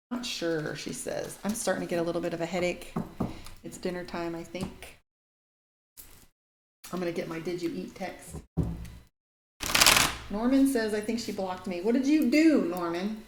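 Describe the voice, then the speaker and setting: In a mid-range voice at a measured pace, pausing often, a woman of Irish heritage gives casual live tarot readings. She chats bluntly, reads viewer comments out loud and swears now and then, with echo and faint noise in the room.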